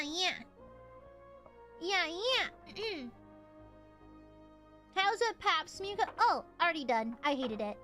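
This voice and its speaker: A woman's voice: high-pitched, sharp tone. A woman streaming a video game, chatting casually in a playful, crude way and laughing often.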